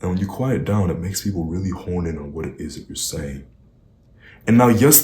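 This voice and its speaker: A man coaching on how to speak, talking straight to the viewer and pushing his points with shifts in speed and loudness. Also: low voice, expressive, a little fast, echoey room, slight background noise. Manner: emphatic, varies speed and volume for weight. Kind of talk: direct-to-camera coaching talk.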